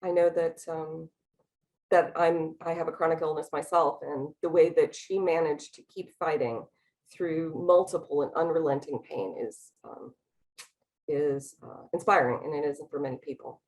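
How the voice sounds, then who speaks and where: A woman giving an academic talk about slides, speaking quickly with many ums and restarts. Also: deep voice, steady tone, darkish tone, poor audio. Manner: speaks fast. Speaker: lecturer.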